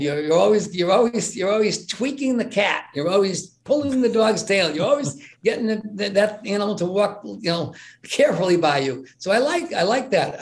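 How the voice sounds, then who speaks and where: An older man talking as a podcast guest, emphatic and animated, repeating his words and acting out little exchanges. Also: high-pitched.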